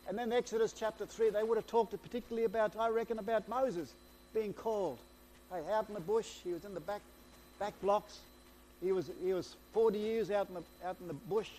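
A man preaching a sermon, retelling scripture in an excitable, storytelling way, often repeating and restarting his phrases. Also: high voice, fairly quick, a little hiss or hum.

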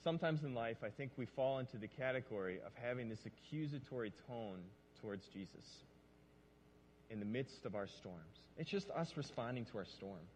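A male pastor preaching a lively sermon and acting out lines. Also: mid-range voice, normal speed, a little hiss or hum. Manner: animated, acts out lines. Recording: long reverb of a large hall.

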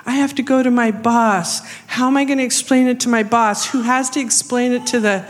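A woman's voice: a little high, steady tone, brisk, pitched above the performer's own voice, natural voice. A woman voicing a flustered young male shop worker, pleading and worried. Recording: long reverb of a large hall.

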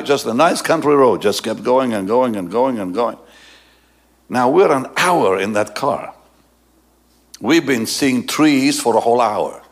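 A male pastor telling a story in a sermon, animated and often laughing, and dropping low and soft for the serious parts. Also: creaky, slightly rough.

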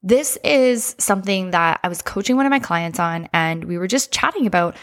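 A woman life coach hosting a casual podcast monologue, energetic and chatty, often saying "like" and speaking straight to her listeners. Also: fairly low pitch, normal speed.

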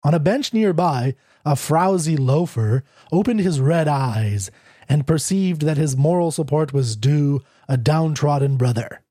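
A man narrating a classic short story in a measured, low tone. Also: lively intonation, mellow, breathy edge, no room sound, clean studio sound. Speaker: audiobook narrator.

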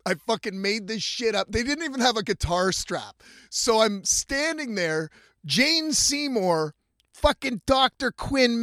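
High-pitched male storyteller, cusses freely, animated, acts out every quote. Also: no room sound, studio quality. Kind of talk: profane casual storytelling.

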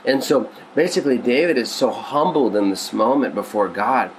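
A man's voice: mid-range voice, moderate pace, slight background noise, rough recording. A male pastor teaching on a devotional podcast, earnest and conversational, often restarting his sentences.

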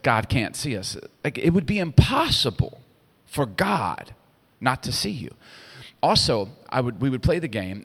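Middle-aged guy preaching, voice jumps all over, hushed then loud, long echo in a big hall. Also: on the low side. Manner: animated storytelling, swinging between hushed and loud. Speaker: pastor. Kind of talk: sermon.

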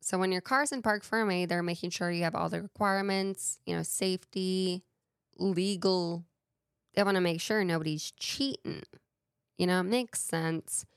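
Chatty woman host, low voice, dry. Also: steady tone, normal speed, clean tone, dry recording. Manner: chatty, playful, tangent-prone. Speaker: podcast host. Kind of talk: casual solo chat.

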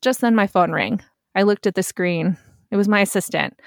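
Brief: young woman narrator, steady plain storytelling, dry close mic. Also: medium pitch, normal speed, creaky, dry recording. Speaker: storyteller host. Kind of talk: first-person story narration.

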